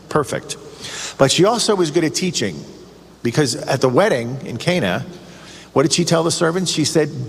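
A man's voice: on the high side, lively intonation, normal speed, gravelly, husky, big-room sound. A man preaching a radio sermon, earnest and emphatic, with lots of rhetorical questions. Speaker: radio show host giving a reflection.

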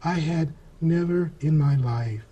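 A man with a slightly high but mellow, soft-edged voice tells a personal story as an interview guest. His delivery is earnest and halting, with frequent restarts. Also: dull audio, slight background noise.

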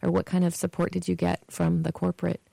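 Very gravelly-voiced interviewer. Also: mid-range voice, monotone, quick pace, warm tone, no echo.

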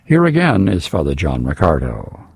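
A man announcing a recorded talk in a measured, formal, scripted introduction. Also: low voice, wildly swooping pitch, creaky, a little mellow, husky, no room sound. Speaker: program announcer.

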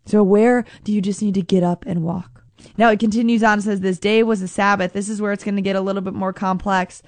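A young adult woman reading a Bible passage, then teaching on it in a conversational, earnest way, slowing down for emphasis. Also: mid-range voice, fairly even intonation, no room sound. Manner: earnest, conversational, slows for emphasis, acts out quoted voices.

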